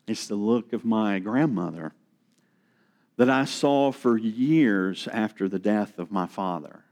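A middle-aged man preaching a sermon, slow and earnest, dropping to a hush for emphasis. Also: fairly low pitch. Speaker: pastor.

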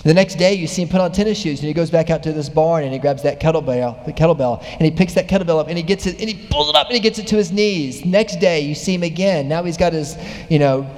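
Male preacher, slightly high pitch, animated storytelling sermon, long hall reverb. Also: fast. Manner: animated storytelling, voice rising with excitement.

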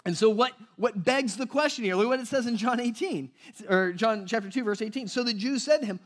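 A man preaching a casual, conversational sermon, animated and acting out the people in the passage. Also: extremely high pitch, brisk, few pauses. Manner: animated, conversational, acts out voices in quotes. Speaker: pastor.

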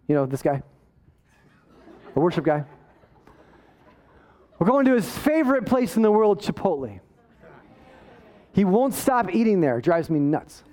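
High-voiced, conversational male preacher. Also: very animated, measured pace, long pauses, warm tone. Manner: storytelling, self-deprecating and conversational, rising to emphatic preaching. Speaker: pastor. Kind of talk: sermon.

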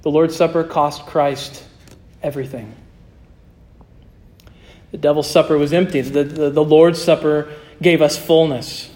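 A male pastor preaching a sermon and closing in prayer, earnest, slowing and softening his voice for emphasis. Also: on the high side, fairly even intonation.

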